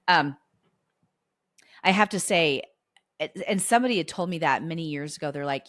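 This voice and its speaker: A woman in her forties talks casually to her listeners on a close podcast mic. Her voice sits a bit low, and the sound is dry and close. She tells stories with quoted dialogue and offers friendly encouragement. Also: moderate pace, long pauses, no room sound. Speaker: podcast host. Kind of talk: casual solo podcast talk.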